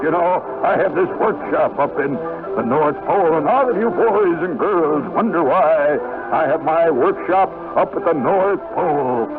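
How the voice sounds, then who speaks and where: A man voicing a cheerful old male Santa Claus on the radio, with hearty ho-ho laughs and a drawn-out sing-song delivery. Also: high voice, pitched above the performer's own voice. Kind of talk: 1970s radio character voice. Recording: tinny lo-fi 1970s radio broadcast.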